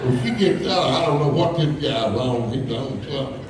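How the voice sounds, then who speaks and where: A man's voice: mid-range voice, normal speed, crowd noise. A man telling folksy, rambling stories to a live audience, chuckling as he goes. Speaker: storyteller. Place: school hall with a live audience. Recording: echoey hall from far off, faint hum.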